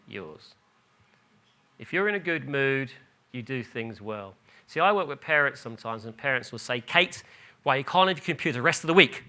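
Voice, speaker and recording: British male speaker, brisk and bright, checks in with the room, stumbles over his words. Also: fairly high pitch. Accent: British English. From Britain. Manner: animated, asks the audience "does that make sense, really?"; frequent restarts and repeated "the, the". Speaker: conference speaker on behaviour. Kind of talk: lively conference talk. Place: lecture hall.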